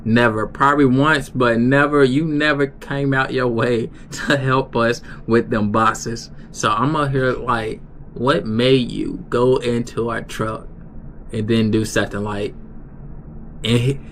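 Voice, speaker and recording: A young man on a live stream tells a story casually, with a mid-range voice. He rambles and restarts often. A faint steady noise sits behind him. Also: medium pitch, slow. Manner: rambling, many restarts and fillers. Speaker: livestreamer.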